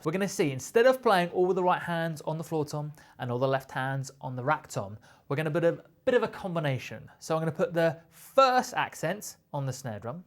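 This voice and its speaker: A man with a British accent teaching a drum lesson, explaining patiently and counting beats aloud. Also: on the high side. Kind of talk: instructional explanation.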